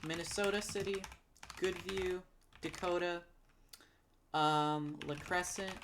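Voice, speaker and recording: A woman recalling and naming towns out loud, hesitant with many ums, correcting herself and apologizing for her pronunciation. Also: low voice, slow, pauses often, noisy background. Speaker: geography video creator. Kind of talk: casual recall while typing.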